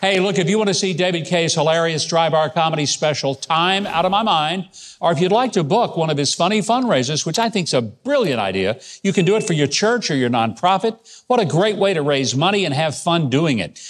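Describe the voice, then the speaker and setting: A man's voice: fairly high pitch, animated, fairly quick. Upbeat male talk show host. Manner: upbeat, plugging the guest.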